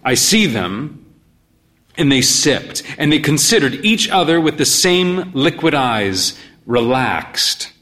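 A man narrating a story as a world-weary pub owner, in a dry, unhurried way. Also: on the high side, lively intonation, a bit bright. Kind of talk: storytelling reading.

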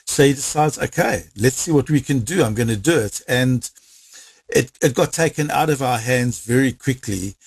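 A man with a South African accent tells a story in a lively way, acting out the lines of the people he quotes. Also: mid-range voice, vocal fry, slightly rough, no room sound. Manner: lively, acts out quoted dialogue. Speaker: interviewee. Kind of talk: animated storytelling.

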